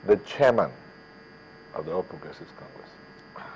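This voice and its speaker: A man with a low voice and lively, swinging intonation, co-hosting a TV talk show and throwing in short remarks. A faint hum sits behind him. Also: a little slow, poor audio. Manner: brief interjections, lively intonation. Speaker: co-host.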